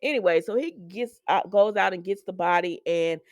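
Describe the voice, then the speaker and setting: Chatty woman with a lowish voice. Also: normal speed, darkish tone, no room sound. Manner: chatty and informal, with asides to viewers. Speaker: soap opera recapper. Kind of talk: casual episode recap.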